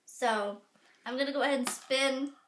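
A woman's voice: high voice, normal speed, a bit bright, slight background noise. A young woman chatting casually and giggling nervously while trying strange jelly beans for her vlog. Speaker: vlogger. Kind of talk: casual chat.

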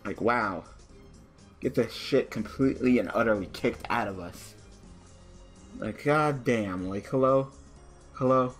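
A young gaming-channel host commentates a card game live, his medium-pitched voice at normal speed with faint music behind. Setbacks send him into frustrated, heavily profane rants that build to shouting.

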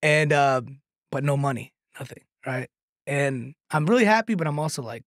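A man, a comedian and content creator, telling a long anecdote in a podcast chat, animated and tagging lines with "right?", laughing now and then. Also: medium pitch, moderate pace, no room sound, studio quality. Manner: laughs through his own story.

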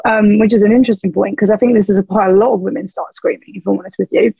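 A woman's voice: medium pitch, fairly even intonation, very fast, gravelly, mellow, slightly rough, dry recording, low-quality recording. A young woman, a band's vocalist, chatting frankly as a podcast guest, laughing often and swearing casually. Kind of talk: casual chat.

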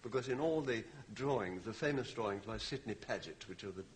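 An older man, a guest actor on a TV chat show, speaking in a courtly, gently humorous way. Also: on the low side, animated, brisk, a little hiss or hum. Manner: courtly, gently humorous, says "dear boy".

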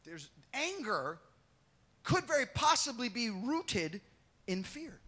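An animated man preaching a sermon in a high voice. His voice is bright, with wide swings in pitch. He acts out the Bible scenes and jokes with his congregation. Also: slow. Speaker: pastor.

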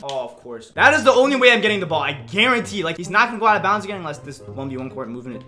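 A young man giving excitable live commentary on his own video game match, reacting loudly to each play. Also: high voice, racing, faint music behind. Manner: excitable, reacts loudly to plays, frequent "yo" and "literally". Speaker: gaming YouTuber.

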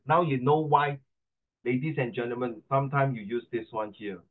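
A middle-aged man with a Singaporean accent teaching an animated exam-prep class, mixing English and Mandarin and teasing his students. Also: mid-range voice, moderate pace. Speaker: tutor. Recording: tinny phone-like audio.

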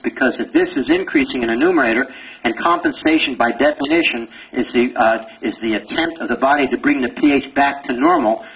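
An older man giving a lively pathology lecture, quizzing students with rapid questions and joking as he goes. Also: medium pitch. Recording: dull lo-fi lecture recording with faint hiss.

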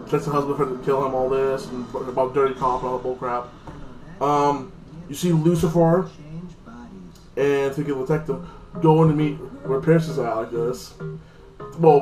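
A man's voice: medium pitch, echoey room, poor audio. A man giving a casual, rambling episode recap, swearing often and leaning on fillers. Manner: rambling, profane, lots of fillers. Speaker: TV show reviewer.

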